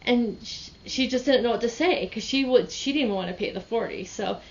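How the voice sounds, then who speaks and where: A woman's voice: a little high, moderate pace, dull audio. A woman reseller talking casually about her yard sale finds, rambling and restarting her sentences as she tells a story. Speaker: reseller vlogger. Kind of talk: casual chat.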